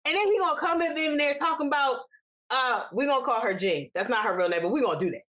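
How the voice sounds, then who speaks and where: A woman from New York, a podcast co-host, telling a lively, profane family story in casual chat. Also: high voice, fast talker, dull audio. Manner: animated, profane, quoting others in voices.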